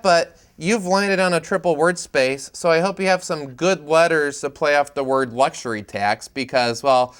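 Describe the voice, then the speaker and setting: A man, an autism speaker and educator, tells stories in a humorous, lively way while presenting to camera outdoors. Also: a little high, clean tone, no echo.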